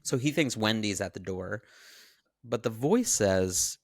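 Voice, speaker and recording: A man co-hosting a podcast, casually recapping a film in animated, profane storytelling. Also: fairly low pitch, unhurried, no room sound, studio quality. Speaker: podcast co-host.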